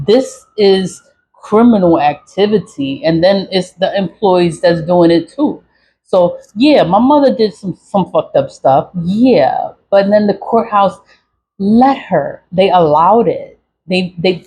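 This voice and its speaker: A woman's voice: lowish voice, lively intonation, takes it slowly, mellow, husky, low-quality recording. A woman vlogger venting to camera in a profane, repetitive rant, with short laughs and sighs. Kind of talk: angry venting monologue to camera.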